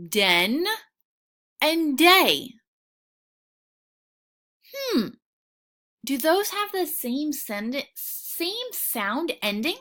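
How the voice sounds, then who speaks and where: A woman teaching a recorded phonics lesson for children, patient and encouraging, sounding out each word clearly. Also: sits high, sharp tone. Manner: slow, clearly sounding out words.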